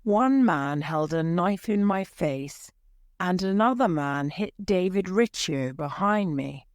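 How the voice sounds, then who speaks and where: Woman reading a storybook for English learners, slow clear delivery, low voice. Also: animated, no room sound, clean studio sound. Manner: clear, deliberate, dramatic. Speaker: story reader.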